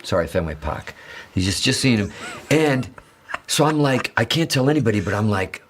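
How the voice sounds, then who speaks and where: A man from the Azores telling an excited, rambling story as a guitarist guest, swearing and acting out quotes. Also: on the low side, normal speed, slight background noise. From Azores, Portugal. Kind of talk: animated storytelling in an interview.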